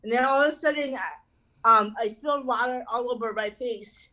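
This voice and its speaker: A woman's voice: a little high, normal speed, sharp tone, rough recording. A woman doing an online stand-up set, rambling and swearing, with lots of "you know" fillers. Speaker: stand-up comedian.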